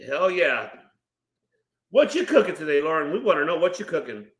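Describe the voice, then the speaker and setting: A man hosting a live wrestling watch-along stream, calling the action excitedly and bursting into loud reactions while greeting chat viewers. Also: fairly high pitch, normal speed. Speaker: watch-party stream host. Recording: roomy echo.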